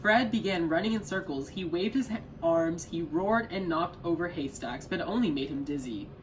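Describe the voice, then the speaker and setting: A young man reading a children's picture book aloud with careful, even delivery and the odd small stumble. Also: a little high, normal speed, background noise. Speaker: volunteer reader.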